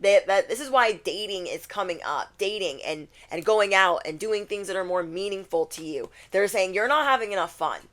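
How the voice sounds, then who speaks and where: A woman's voice: medium pitch, expressive, moderate pace, few pauses, a bit bright. A woman giving a casual spiritual tarot reading to camera, chatty and repeating her key phrases. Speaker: tarot reader.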